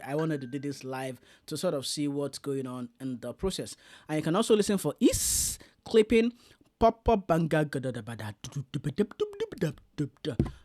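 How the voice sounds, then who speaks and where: Chatty man reviewing audio gear. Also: on the high side. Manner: chatty, demonstrating gear live. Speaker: tech reviewer. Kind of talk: casual product review.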